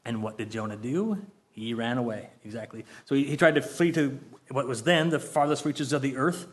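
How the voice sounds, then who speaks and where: A heartfelt man in his fifties teaching a small Bible study group. His speaking voice sits at an average pitch, and his talk is loose and conversational, full of "um"s and restarts. He stops now and then to read scripture aloud or to ask the group a question. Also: normal speed, a little hiss or hum. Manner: earnest and heartfelt, conversational with many fillers and restarts.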